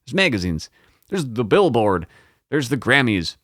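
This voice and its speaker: Rambling, swearing podcast host. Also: male voice, medium pitch, very animated, normal speed, fairly bright tone, no room sound, studio quality. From United States. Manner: rambling, profane, self-mocking. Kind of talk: casual solo podcast chat.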